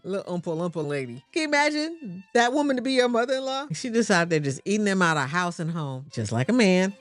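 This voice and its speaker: A middle-aged woman with a low voice and reacts to a TV episode in sassy, colloquial asides. Her pitch swings widely as she talks. Faint music plays underneath. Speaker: reaction host. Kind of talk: casual TV reaction commentary.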